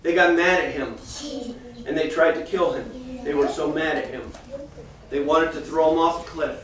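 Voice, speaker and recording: A man teaching a children's church class, reading a Bible passage and then explaining it to the kids in a lively storytelling way. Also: fairly high pitch. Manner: animated storyteller, reads scripture then talks directly to the kids. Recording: echoey room from far off, faint noise.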